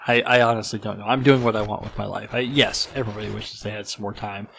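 A man's voice: on the low side, steady tone, fast, vocal fry, fairly bright tone, a little hiss or hum, poor audio. A man hosting a podcast in casual, rambling chat with many restarts, his nose stuffed up and slightly congested. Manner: rambling, self-deprecating, frequent restarts and fillers. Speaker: podcast host.

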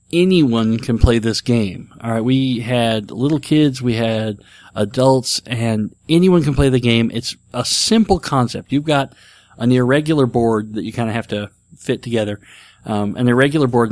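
A darkish tone and medium pitch mark this middle-aged podcast host, recorded with no echo. Chatting casually about board games, he gets enthusiastic and wanders with lots of fillers.

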